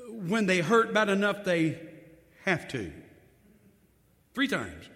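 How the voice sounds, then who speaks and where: A man's voice: on the high side, a bit bright. A man preaching a sermon, telling the story in a folksy way with emphatic repetition, in a church hall. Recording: long hall reverb.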